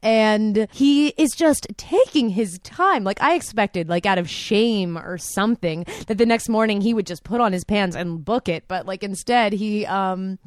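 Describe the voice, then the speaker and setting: A woman's voice: medium pitch, measured pace, hardly any pauses, dry recording, studio quality. A woman telling a personal anecdote in a chatty way, full of "like" and quoted asides. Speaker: storyteller.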